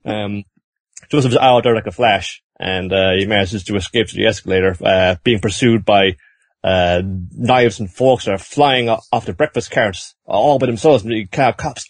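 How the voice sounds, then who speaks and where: A man's voice: fairly low pitch, moderate pace, no echo. A man hosting a podcast, recapping an anime episode in casual chat and acting out the characters in silly voices.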